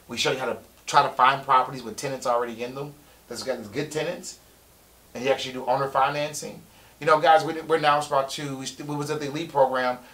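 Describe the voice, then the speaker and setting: A middle-aged man, coaching on a live stream, excitable, repeating key points for emphasis. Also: mid-range voice. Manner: breaks into loud shouting impressions. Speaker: real estate coach. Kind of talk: live-stream sales pitch.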